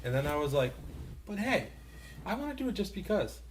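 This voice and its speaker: Lively young man hosting a podcast. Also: high-pitched, a little fast, slight background noise. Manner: laughs often, lively and rambling. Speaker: podcast host. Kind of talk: casual chat. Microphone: handheld mic.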